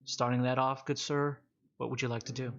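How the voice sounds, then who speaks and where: A man narrating a tabletop game as game master, in slow, drawn-out narration. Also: medium pitch, flat delivery. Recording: dull lo-fi audio.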